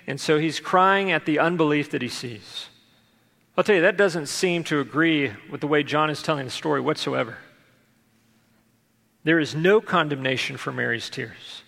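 A man's voice: a little high, vocal fry, pushed and bright. A man preaching a sermon, reading scripture aloud and then explaining it in a conversational way to a congregation. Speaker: pastor. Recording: long hall reverb.

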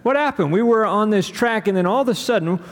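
A man preaching a sermon, rhythmic and building to loud, emphatic peaks. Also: high voice, fairly quick. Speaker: pastor. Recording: long hall reverb.

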